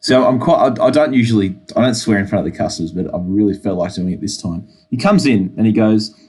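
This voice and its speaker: A man's voice: lowish voice, fast, darkish tone, breathy edge. An Australian man co-hosting a casual podcast, telling a work story with laughs and swearing. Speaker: podcast co-host. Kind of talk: casual chat.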